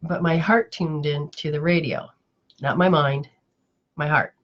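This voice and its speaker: A woman's voice: low-pitched, fairly even intonation, unhurried, dull audio. A woman spiritual teacher in casual live chat, telling stories in a rambling, emotional way with many restarts.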